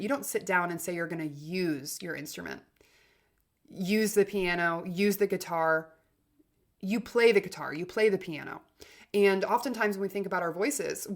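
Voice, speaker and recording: A woman with a mid-pitched voice hosts a motivational self-help podcast. Her delivery is upbeat and chatty, and she often says "like" and "literally" as she encourages listeners. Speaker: podcast host and communication coach.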